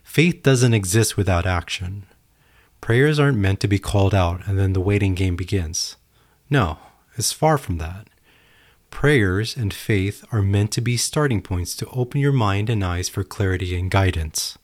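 A man's voice: sits low, animated, unhurried. A man hosting a solo podcast, talking earnestly and telling a parable. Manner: earnest, storytelling. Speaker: podcast host. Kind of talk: reflective solo podcast talk.

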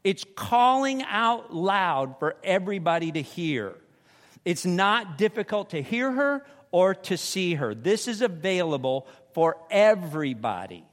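A man with a high voice preaches a sermon in a church sanctuary. He is animated and slips into the voices of the people in his examples. His voice rings out with a long hall reverb. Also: measured pace.

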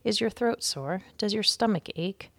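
A woman's voice: mid-range voice, moderate pace, creaky, fairly bright tone, no echo, pitched above the performer's own voice. A woman voicing an anxious, caring mother in a storybook reading.

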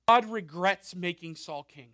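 A male pastor giving a conversational sermon, animated, with frequent asides and rhetorical questions. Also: sits high, a little slow, no room sound, studio quality.

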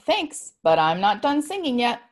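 A woman voicing God as a cheerful little girl, spoken gently in a storytelling way. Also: on the high side, sing-song, measured pace, voice pushed up. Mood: playful.

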